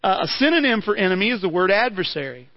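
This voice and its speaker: A man's voice: high-pitched, sing-song, fast, lo-fi sound. A man preaching a sermon in a conversational way, asking his listeners rhetorical questions and often repeating words as he restarts.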